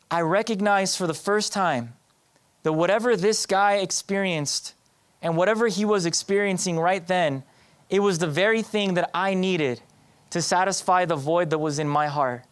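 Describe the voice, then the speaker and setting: A man giving a personal testimony in church, talking conversationally with the audience and often restarting his sentences. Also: high-pitched. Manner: conversational, addresses the audience directly; hesitant restarts with fillers.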